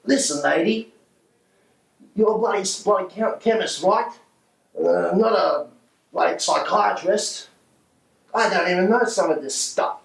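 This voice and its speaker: A man's voice: lowish voice, animated, unhurried, fairly bright tone. An actor playing a paranoid man trying to talk a chemist into giving him drugs, nervous and pushy. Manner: nervous, coughing, then pushy. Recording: echoey room, far from mic.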